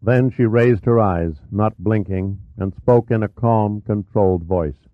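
A man reading a novel aloud as an audiobook narrator, in a steady, even way. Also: on the low side, unhurried, hardly any pauses, no room sound. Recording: tinny narrow-band audio.

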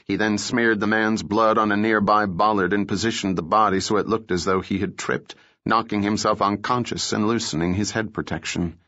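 A male narrator reads thriller prose with a steady, measured delivery in a lowish voice. The sound is dry and close, with no room around it. The recording is slightly dull and muffled. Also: dry recording. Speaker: audiobook narrator. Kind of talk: scripted narration of a thriller novel.

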